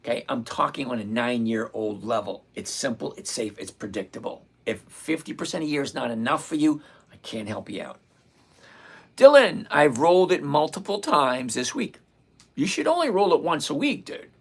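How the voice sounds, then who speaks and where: Gravelly, blunt middle-aged trading host. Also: male voice, mid-range voice, big pitch swings. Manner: blunt, repeats points slowly. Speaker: stock trading livestream host. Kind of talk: live-streamed trading lesson answering chat.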